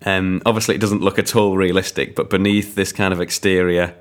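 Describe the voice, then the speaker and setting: A man's voice: deep voice, level tone, brisk. A man reviewing films on a podcast in casual chat, rambling and enthusiastic with lots of ums.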